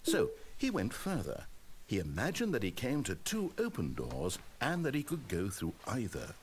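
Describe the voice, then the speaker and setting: This lowish male voice swings hugely in pitch at a normal speed, delivering scripted narration as a dry, teasing game narrator addressing the player. The character is a wry, mocking male storybook narrator, and slight background noise can be heard.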